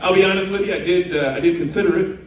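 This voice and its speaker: A man with a slightly high voice performs animated stand-up comedy. He is heard from far off in a very echoey room, with a lively audience clearly audible behind him. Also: rapid-fire, very noisy. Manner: animated storytelling with laughter. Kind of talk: stand-up routine. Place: cruise ship theater, live audience.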